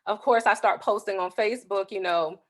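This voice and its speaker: Speaking at normal speed with medium pitch, a woman in her thirties who hosts her own show as an author recounts a personal story in a lively, casual way, voicing the other characters herself.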